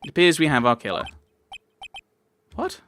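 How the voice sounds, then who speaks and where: A man's voice: fairly high pitch, big pitch swings, normal speed, bright, forceful tone, slight background noise. A man playing through a courtroom game, reading the characters' lines aloud in his own voice and ranting about the plot. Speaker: let's player. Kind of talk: commentary while reading game dialogue aloud. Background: game music.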